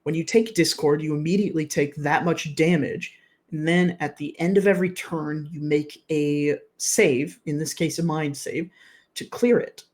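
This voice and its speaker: A man's voice: on the high side, fairly even intonation, darkish tone. A man narrating and explaining rules as game master of a live-streamed tabletop game. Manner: measured, explains rules patiently. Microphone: streaming setup.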